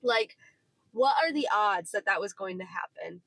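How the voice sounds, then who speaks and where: A woman's voice: mid-range voice, moderate pace, creaky, dry recording, low-quality recording. A woman in her twenties chatting casually in a car, telling a story with lots of acted-out dialogue. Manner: animated, acts out quoted dialogue. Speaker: podcast co-host.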